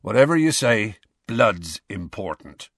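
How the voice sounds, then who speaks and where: A man reading an audiobook, voicing a huge, gruff, gloomy half-giant who talks slowly and broods. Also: lowish voice, sing-song, a bit bright, no room sound, clean studio sound, heavily acted. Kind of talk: audiobook character voice.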